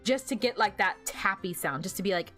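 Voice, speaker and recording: Soft background music plays as a young woman VTuber streams gameplay in a medium-pitched, brisk, fairly bright voice. Her casual chat is giggly and rambling, packed with fillers.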